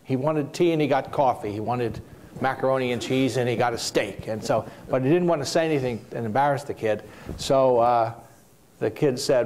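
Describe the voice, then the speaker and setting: A man's voice: mid-range voice, brisk, darkish tone. A man on a discussion panel, telling a reflective story about a president visiting troops. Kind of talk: anecdotal panel talk.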